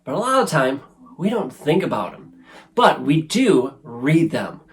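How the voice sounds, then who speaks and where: A man's voice: on the high side, very animated, measured pace. A man in his thirties hosting a casual self-help talk to camera, earnest and conversational, often tagging sentences with "right?". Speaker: show host. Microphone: camera facing speaker.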